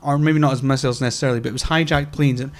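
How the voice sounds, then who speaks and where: A man's voice: medium pitch, steady tone, racing. A man co-hosting a casual podcast chat, talking emphatically and swearing often. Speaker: podcast co-host.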